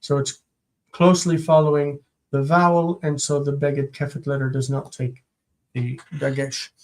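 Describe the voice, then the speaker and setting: A teacher streams a Biblical Hebrew grammar lesson live, pronouncing Hebrew words and giving translations while thinking aloud and repeating words. The voice is mid-range and a little mellow.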